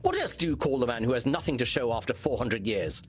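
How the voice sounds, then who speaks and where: An actor playing a pompous, melodramatic vampire doctor centuries old in a video game, with a theatrical, haughty delivery. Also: male voice, medium pitch, animated, quick pace, soft background music, natural voice.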